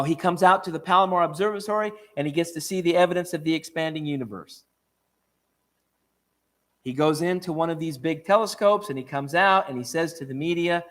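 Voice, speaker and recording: A man giving an evening church talk, lively and conversational, often restarting and checking in with questions to the room. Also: a little high. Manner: animated, repeats and restarts, asks the room questions. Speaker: preacher.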